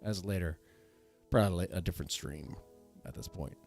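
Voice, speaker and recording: A man's voice: sits low, normal speed, vocal fry, darkish tone, faint music behind. A man hosting a live stream, reacting to a debate and greeting viewers in loose, rambling casual commentary that restarts often.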